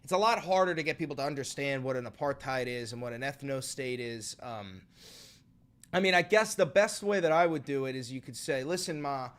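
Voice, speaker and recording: A man hosting a stream, reacting to news clips with crude, animated, swearing commentary. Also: medium pitch, brisk. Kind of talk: casual profane reaction commentary.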